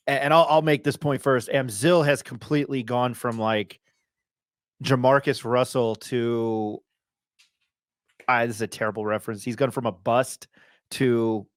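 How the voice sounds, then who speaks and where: A man's voice: mid-range voice, dry recording, clean studio sound. A man hosting a casual sports podcast, chatty and self-deprecating, with rambling asides. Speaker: podcast host.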